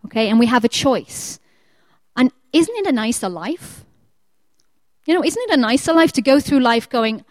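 A woman preaching a sermon, lively and conversational, who acts out the prayers of the people she talks about. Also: high-pitched, moderate pace, long pauses, no room sound. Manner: lively, acts out quoted prayers in changing voices.

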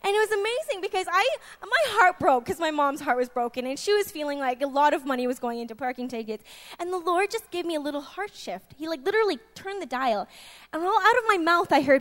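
High voiced woman in her 20s giving a sermon, lots of restarts, gets loud and laughy. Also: fast talker. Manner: lively and laughing, swings from soft asides to loud excited bursts; chatty, with many restarts and fillers. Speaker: preacher.

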